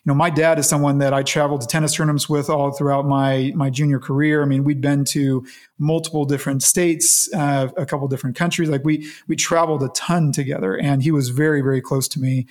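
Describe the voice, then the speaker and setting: A man being interviewed, recounting a personal story in an earnest, reflective way with halting restarts. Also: a little high, little pitch movement. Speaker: interview guest.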